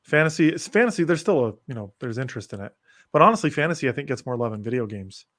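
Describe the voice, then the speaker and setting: A man's voice: medium pitch, lively intonation, fast talker, fairly bright tone. A man hosting a podcast, talking loosely and eagerly in casual chat about fantasy books and shows. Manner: enthusiastic, lists book titles, loose and rambling. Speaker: podcast host.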